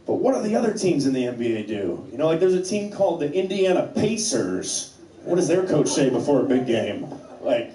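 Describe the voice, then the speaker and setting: A man's voice: high voice, very animated, brisk, mellow, a little hiss or hum. A man doing stand-up comedy, setting up jokes in a loose, rambling way. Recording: echoey club stage from far off.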